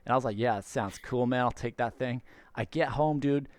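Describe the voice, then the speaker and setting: A man's voice: mid-range voice, normal speed, natural voice. A man putting on a laid-back American dude who tells a rambling story full of "bro" and "dude.".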